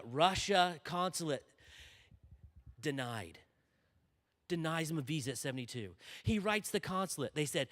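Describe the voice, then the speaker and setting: A man's voice: a little high, animated, unhurried, pauses often, bright, forceful tone. A man preaching to students, telling a story energetically and often checking in with "okay?". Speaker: conference speaker. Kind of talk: sermon. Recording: long reverb in a large hall.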